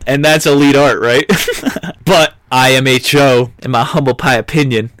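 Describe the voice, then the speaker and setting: A man's voice: medium pitch, fairly even intonation, normal speed, a bit bright. A man in his twenties from the United States gives casual, joking commentary on a book. He swears freely and laughs often as he talks. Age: 20s.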